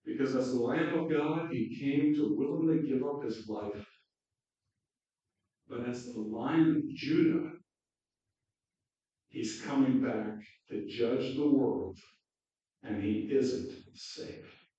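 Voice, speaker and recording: A male pastor preaching a sermon and reading a story aloud, slow and deliberate, recorded from afar in an echoey hall. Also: medium pitch, warm tone. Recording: dull echoey hall from far off.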